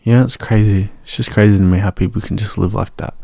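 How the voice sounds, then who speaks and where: A man's voice: fairly low pitch, fairly even intonation, quick pace, vocal fry, warm tone, no room sound, studio quality. A young man, swearing and ranting in a casual personal vlog. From Australia. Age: young adult. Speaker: vlogger.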